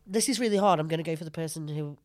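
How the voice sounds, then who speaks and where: A woman chatting as a podcast guest, rambling and often dropping to a low voice when she reflects. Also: racing, over a noisy crowd. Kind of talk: casual chat.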